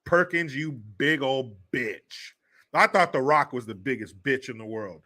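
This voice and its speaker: A man's voice: mid-range voice, lively intonation, measured pace, pushed and bright. A man hosting a livestream, ranting in profane, mocking commentary. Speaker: livestream host.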